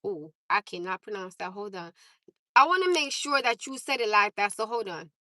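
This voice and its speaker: A woman's voice: medium pitch, expressive, normal speed, pushed and bright, dry recording, rough recording. A woman from Newark, New Jersey, with a Newark accent, hosting a livestream from her parked car and talking candidly and directly to her viewers on a phone. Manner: direct and candid, talks straight to the chat. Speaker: livestream host. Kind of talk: casual chat to viewers.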